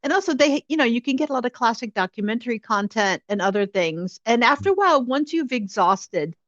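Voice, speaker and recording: A woman journalist hosting a casual interview over a video call, talking in quick, animated bursts of enthusiasm. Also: on the high side, dry recording. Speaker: journalist host. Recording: dull, dry lo-fi call audio.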